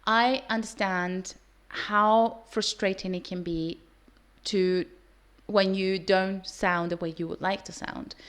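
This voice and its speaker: A woman's voice: medium pitch, fairly even intonation, slow pace, clear, resonant tone. A woman, not a native English speaker, teaching English in a casual, earnest vlog to her students. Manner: earnest, with some restarts.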